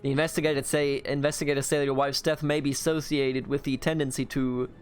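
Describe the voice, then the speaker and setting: A man's voice: medium pitch, little pitch movement, fast, clean tone, soft background music, lightly acted. A man voicing a stern revolutionary court judge, reading curt, accusing questions from a video game.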